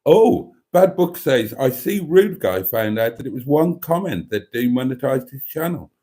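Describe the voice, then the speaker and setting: This livestream host has a warm, mid-range voice with lively intonation and an ordinary pace. As he reads comments from chat, he adds campy, wry quips and laughs frequently.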